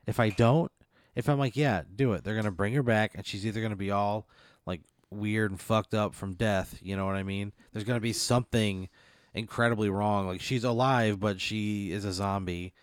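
A man's voice: on the low side, fairly even intonation, normal speed, clean tone, dry recording, studio quality. A man in casual chat who reacts in an exasperated way and swears freely.

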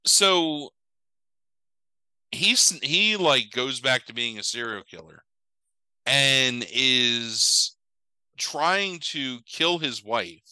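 A man's voice: medium pitch, extremely slow, pauses often, smooth, dry recording, poor audio. A man in casual chat, rambling and swearing as he retells a film plot. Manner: rambling, profane, animated retelling with quoted voices. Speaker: podcast co-host recapping a movie.

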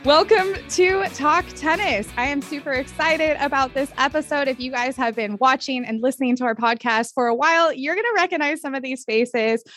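A woman hosting a podcast interview, gushing and enthusiastic, talking in quick bursts with frequent laughs. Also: high voice, a bit bright, no room sound, faint music behind. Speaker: podcast host. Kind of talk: upbeat casual interview.

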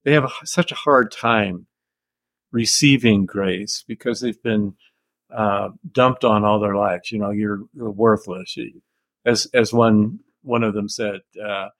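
An older American man, an author answering interview questions in a measured, thoughtful storytelling way with soft chuckles. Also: on the low side, no echo.

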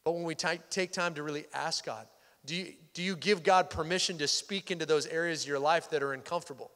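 Male pastor, slightly high voice, casual sermon delivery, reverberant sanctuary. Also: fast talker, a bit bright. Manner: conversational, drops to near-whisper for intimate points. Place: church sanctuary. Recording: hall reverb.

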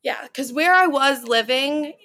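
A woman's voice: high-pitched, a little slow, sharp tone. A young woman in her twenties answering interview questions in a chatty, casual way, often saying "you know" and "like". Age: 20s. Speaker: study-abroad student guest.

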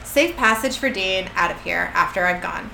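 A woman's voice: fairly low pitch, moderate pace, vocal fry, pushed and bright, a little hiss or hum, pitched below the performer's own voice. A woman reading the commanding lines of a powerful female being during a casual show recap, in an echoey room.

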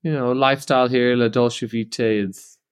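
A man's voice: medium pitch, steady tone, normal speed, clean tone. Chatty Irish man co-hosting a podcast. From Ireland. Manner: chatty, teasing, laughs often. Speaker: podcast co-host. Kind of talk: casual chat.

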